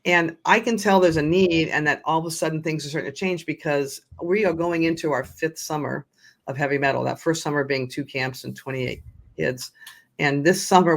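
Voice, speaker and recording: A woman's voice: low voice, vocal fry. An older woman, a nonprofit founder, telling her story as a podcast guest in an earnest way with frequent restarts. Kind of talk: conversational storytelling.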